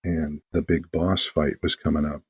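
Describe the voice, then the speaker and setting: As an interview guest, this game master tells his stories with lively energy, voicing the quotes himself in a relaxed conversation. He has a very deep, slightly rough voice and talks at a normal pace.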